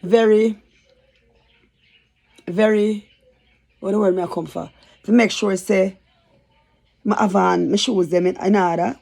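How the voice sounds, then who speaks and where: A woman's voice: lowish voice, vocal fry, darkish tone. A woman telling a rambling, chatty story for her vlog. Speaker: YouTuber.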